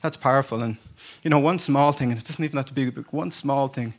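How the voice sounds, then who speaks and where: A man's voice: mid-range voice, quick pace. A man preaching to a church congregation in a casual, storytelling way, often joking at his own expense. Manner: casual storytelling, self-deprecating humor, laughs often. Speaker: pastor. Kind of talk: conversational sermon. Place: church service before a congregation.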